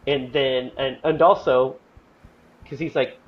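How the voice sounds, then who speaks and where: A man hosting a casual movie discussion, animated and profane, acting out lines from scenes as he talks. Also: medium pitch, moderate pace. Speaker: podcast host. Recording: slightly dull audio with faint noise.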